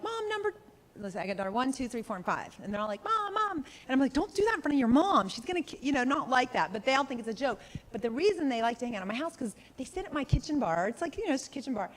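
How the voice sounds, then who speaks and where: A woman in her forties teaching a live sales workshop, chatty and full of questions for the room, often acting out quoted voices. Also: a little high. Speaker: sales trainer. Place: conference room with a live audience. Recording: reverberant training room.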